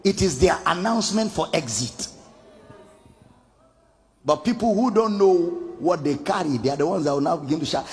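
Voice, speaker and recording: A man preaches in a high, swooping voice with a gravelly edge. His delivery is emphatic and sing-song, driving points home by repetition. The sound carries the long reverb of a large hall. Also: lively intonation, normal speed, pauses often, background noise. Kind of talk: sermon.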